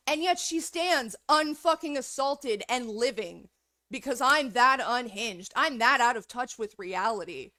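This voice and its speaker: A woman's voice: on the high side, unhurried, bright, forceful tone, no room sound, studio quality. A woman streamer in a heated, profanity-filled rant, angry throughout. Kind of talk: livestream rant.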